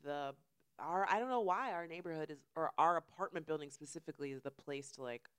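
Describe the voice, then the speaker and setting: A young woman co-hosting a casual chat, telling stories with loud, high impressions of her neighbors and swearing freely. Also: a little fast, smooth. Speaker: podcast co-host.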